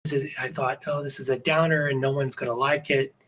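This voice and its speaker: Husky-voiced man chatting casually. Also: mid-range voice, flat delivery, a little fast, a bit bright, poor audio. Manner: rambling, many restarts and fillers. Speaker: podcast guest, script writer. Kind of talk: casual podcast chat.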